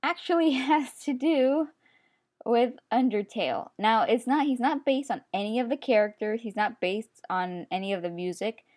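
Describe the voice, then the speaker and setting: Recorded as a voice-over on a computer screen recording, this young art YouTuber chats on and on while drawing, poking fun at herself and laughing often. She speaks at a moderate pace with few pauses, in a mid-range voice with a darkish tone.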